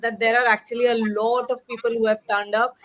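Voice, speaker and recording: A woman's voice: on the high side, little pitch movement, a little fast, a bit bright. A woman hosting a live sports discussion show over a video call, chatty and loose with "uh, you know". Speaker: host.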